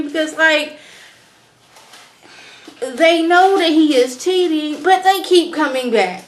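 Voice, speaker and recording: A young woman recapping a reality show in a sassy, animated way, mimicking the people she talks about. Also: high-pitched, slow, pauses often. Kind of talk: casual recap commentary.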